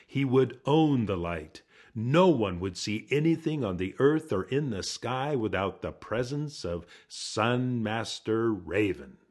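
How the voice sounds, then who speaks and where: Slow deep-ish guy telling a folk tale, hushed and dramatic. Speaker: storyteller. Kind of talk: storytelling narration.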